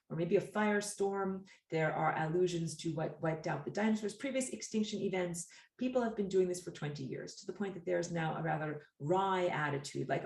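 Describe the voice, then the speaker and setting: A woman's voice: sits low, vocal fry, a little mellow. A woman giving a live spiritual lecture, talking in a discursive, rambling way with asides. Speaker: spiritual teacher. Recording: echoey room, distant mic.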